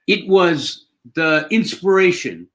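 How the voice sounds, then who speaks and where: A man's voice: high voice, expressive, slow pace, fairly bright tone. An older man, an actor, chatting casually and telling rambling, joking stories. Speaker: actor guest. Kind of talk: casual live chat.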